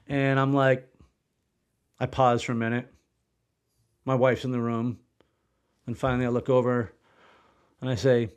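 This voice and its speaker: A man's voice: mid-range voice, steady tone, a little fast, pauses often. A man in his forties, a podcast guest, telling a personal story in a rambling, candid way, with the odd swear word. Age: 40s. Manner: rambling, swears when recounting shock.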